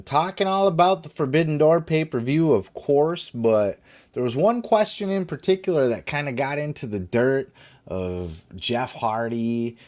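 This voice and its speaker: A man's voice: on the low side, a little mellow. Male podcast host: blunt, profane, rambling commentary in a casual tone. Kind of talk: casual wrestling news commentary.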